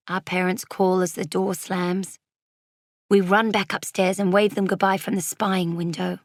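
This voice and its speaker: A woman narrating a children's storybook as a young girl, lively and dropping into whispers for suspense. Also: lowish voice, a little slow, no room sound, studio quality. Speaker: audiobook narrator.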